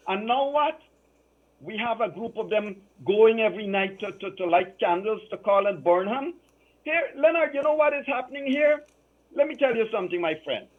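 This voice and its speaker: Heated male caller, high-pitched voice, tinny phone line, hammering his points with repetition. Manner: emphatic, repeats phrases for emphasis. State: emotional. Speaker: political commentator. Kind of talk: impassioned political talk.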